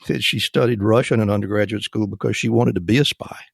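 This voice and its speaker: A man's voice: on the low side, steady tone, quick pace, creaky, slightly rough. A man hosting a podcast interview, giving brief encouraging responses. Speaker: podcast host. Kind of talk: casual interview.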